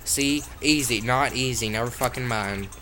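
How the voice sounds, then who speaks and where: This mobile gamer speaks at medium pitch and normal speed with a sharp edge, swearing through every comment as he plays on his phone. Frustrated bursts break in suddenly, and the phone's own mic does the recording.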